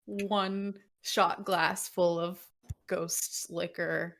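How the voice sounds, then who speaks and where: A woman narrating a tabletop game as game master, describing scenes in an unhurried way. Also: fairly low pitch, little pitch movement, creaky, a bit bright.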